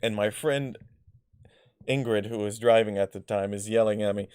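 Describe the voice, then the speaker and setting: A man's voice: fairly low pitch, steady tone, normal speed, a little mellow, smooth, dry recording. Rambling man telling stories, dry sound. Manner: rambling, filler-heavy, loses his thread; blunt, swears freely. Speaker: vlogger. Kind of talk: casual personal storytelling.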